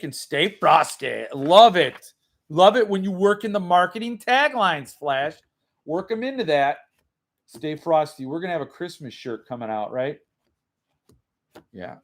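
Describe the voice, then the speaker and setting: Guy with a high voice hosting a book livestream, rambly, chatting with the comments. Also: fairly bright tone. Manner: rambling, reads chat comments aloud. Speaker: book channel host. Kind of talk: casual livestream chat. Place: home room.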